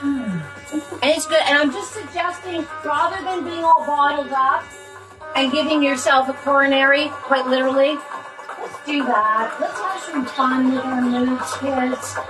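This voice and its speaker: High-pitched lady rambling playfully to her group, music going behind her. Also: measured pace, poor audio. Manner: playful, rambling with many fillers and sudden shouts. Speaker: host of a wellness session. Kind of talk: chatty closing talk to an audience.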